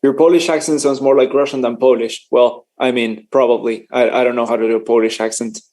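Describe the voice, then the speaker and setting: A man's voice: mid-range voice, steady tone, fairly quick, darkish tone. Chatty, joking male stream commentator. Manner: chatty and joking, laughs often, stumbles over words. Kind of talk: casual live race watchalong commentary.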